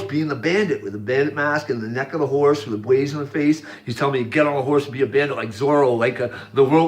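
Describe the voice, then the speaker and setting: Earnest man narrating over pictures. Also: on the high side. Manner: earnest, repetitive pointing-out narration, occasional yelled quotes. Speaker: video narrator.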